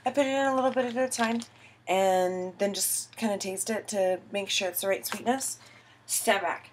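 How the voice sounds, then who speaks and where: A woman's voice: medium pitch, steady tone, normal speed, slight background noise. A tipsy young woman filming a casual baking tutorial in her home kitchen, giggly, rambling and self-mocking.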